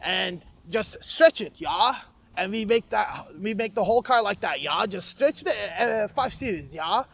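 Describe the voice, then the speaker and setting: A man's voice: high voice, expressive, gravelly, a bit bright, exaggerated voice. A man putting on a plodding German engineer. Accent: put-on German. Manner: slow, plodding, ends phrases with "yeah". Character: male German car engineer, calm, matter-of-fact.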